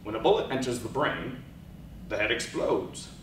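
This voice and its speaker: Male competitor, theatrical poetry reading, hushed to soaring, faint room hiss behind. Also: medium pitch. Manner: slow, dramatic, swings from hushed to loud. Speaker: speech and debate competitor. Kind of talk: dramatic oral interpretation of poetry. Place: large event hall. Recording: echoey hall recorded from far off.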